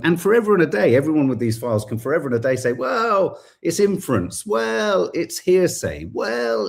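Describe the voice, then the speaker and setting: A man's voice: mid-range voice, darkish tone, slightly rough. A man hosting a podcast, giving impassioned, indignant political commentary and swearing now and then. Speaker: podcast host.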